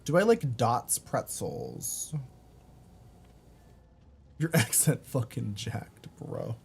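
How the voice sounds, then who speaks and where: A man's voice: medium pitch, huge pitch swings, very slow, gravelly, slightly rough. A man from Baltimore with a Baltimore accent, chatting casually and profanely on a gaming stream while reading chat aloud. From Baltimore, USA.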